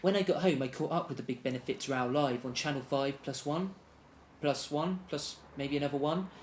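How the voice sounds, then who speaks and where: A young man delivering a deadpan, rambling comedic monologue as a self-absorbed character. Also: on the high side, normal speed, slight background noise.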